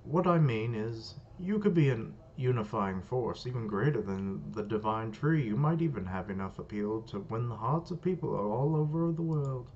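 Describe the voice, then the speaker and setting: A man's voice: medium pitch, lively intonation, normal speed, few pauses, darkish tone, lightly acted. A man reading as a smug scheming spirit. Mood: coaxing. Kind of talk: reading comic dialogue aloud. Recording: dull lo-fi, faint hiss.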